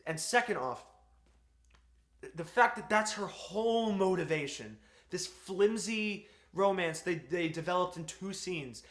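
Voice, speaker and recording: A man's voice: high-pitched, expressive, measured pace, a bit bright. A man giving an exasperated, profanity-laced film review rant. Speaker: movie reviewer. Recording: echoey room.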